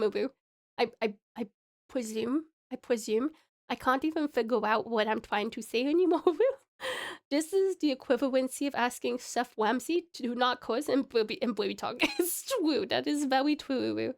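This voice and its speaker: An Australian woman streaming a game, chatting excitably with lots of giggles and playful baby talk. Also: on the high side. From Tasmania, Australia. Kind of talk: live game stream commentary.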